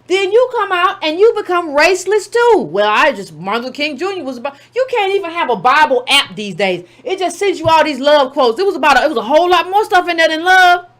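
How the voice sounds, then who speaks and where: A woman's voice: very high voice, animated, fairly quick, hardly any pauses, fairly bright tone. A woman giving a sarcastic political commentary monologue, full of rhetorical questions and mocking asides.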